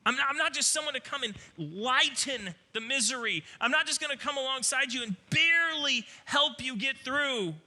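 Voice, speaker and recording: A man preaching a sermon, speaking as a powerful, reassuring savior in a fervent, insistent voice, pitched higher and louder than his plain talk. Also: expressive, normal speed, few pauses, full character voice.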